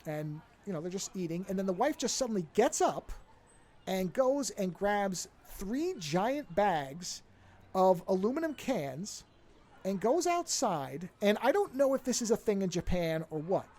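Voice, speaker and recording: A podcast co-host with a high-sitting, darkish voice casually retells a film plot. He rambles through the story and corrects himself along the way.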